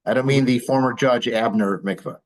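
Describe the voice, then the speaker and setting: A man's voice: medium pitch, fairly quick, rough recording. A male rabbi giving an informal class to a live audience, explaining patiently with dry humor and many small fillers. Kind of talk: informal lecture with audience questions.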